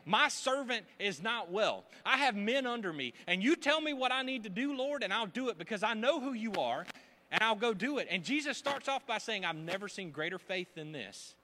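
A man preaching a sermon as pastor, emphatic, swinging between loud bursts and hushed asides. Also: on the high side.

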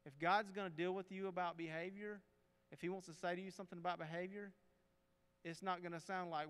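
A man giving an earnest devotional talk as a counselor, speaking straight to his listeners and dropping low and soft on key points. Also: smooth. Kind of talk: sermon. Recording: long hall reverb.

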